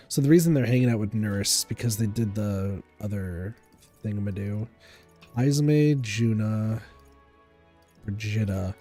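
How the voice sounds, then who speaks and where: A man gives casual gameplay commentary in a lively, up-and-down voice with a warm, mellow tone. He mutters relaxed asides to himself, and faint game music plays behind him. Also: lowish voice. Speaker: streamer.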